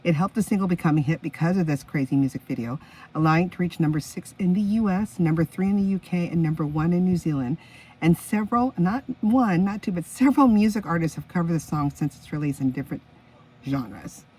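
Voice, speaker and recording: A woman's voice: on the low side, expressive, a little fast, warm tone, husky, distant mic, rough recording. Chatty woman in her fifties hosting a podcast. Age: 50s. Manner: chatty, enthusiastic, stops to react to her own notes. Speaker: podcast host. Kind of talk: casual solo podcast chat.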